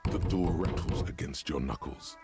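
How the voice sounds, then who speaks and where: An actor voicing a grave male narrator in a detective video game, speaking in a gravelly voice in scripted narration. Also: very deep voice, moderate pace, warm tone. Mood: solemn. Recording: game audio with faint music.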